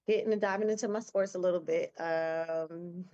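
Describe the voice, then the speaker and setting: Easygoing low-voiced woman radio co-host. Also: fairly even intonation, normal speed, mellow, lo-fi sound. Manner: easygoing, chatty, sports fan talk. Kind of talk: casual chat.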